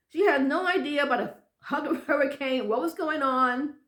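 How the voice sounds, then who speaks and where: A woman pastor telling a personal story, emotional and animated, often repeating phrases. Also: high voice, moderate pace, reverberant, background noise.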